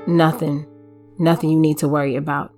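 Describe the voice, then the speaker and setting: Brief: worn-out, controlling husband, low and flat, evasive, played by a woman narrator. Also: normal speed, soft background music, lightly acted. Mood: weary. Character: weary controlling husband, secretive and stubborn.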